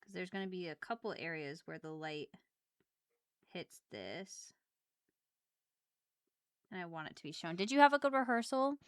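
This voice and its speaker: A woman streaming while drawing, chatting casually with viewers and reacting with loud squeals and laughs. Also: on the low side, expressive, normal speed, long pauses, dry recording, clean studio sound.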